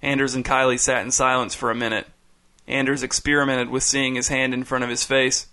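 A man narrating a story in a measured, even audiobook style. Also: mid-range voice.

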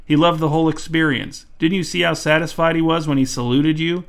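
A serene, cryptic woman who speaks with calm assurance, as a male narrator puts her on. Her lines are read plainly in a gravelly storytelling voice. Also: a little high, brisk, pitched above the performer's own voice, close to an everyday voice. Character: serene, cryptic woman handing out angelic ideas.

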